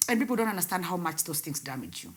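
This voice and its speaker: A young woman telling her painful personal story in an interview, her voice swinging between loud outbursts and hushed words. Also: fairly low pitch, big pitch swings, rapid-fire. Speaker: guest, radio host.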